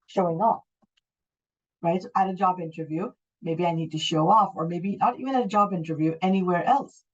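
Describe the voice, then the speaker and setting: A woman in her forties from Canada, teaching an English class, explaining patiently and repeating the key points. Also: lowish voice. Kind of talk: online class lesson. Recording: dull lo-fi audio.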